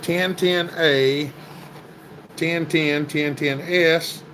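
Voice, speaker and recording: A chatty man with a drawl runs a casual livestream, greeting viewers by name. His voice is bright and forceful and sits a little high. A faint hum of background noise runs under it. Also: fairly even intonation, very slow, low-quality recording. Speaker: livestream host. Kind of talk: casual livestream chat reading comments.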